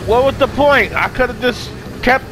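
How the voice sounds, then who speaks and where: A man giving casual, excitable let's-play commentary, swearing freely and talking to his viewers and the game's characters. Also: very high-pitched, measured pace, noisy background. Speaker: gaming video host.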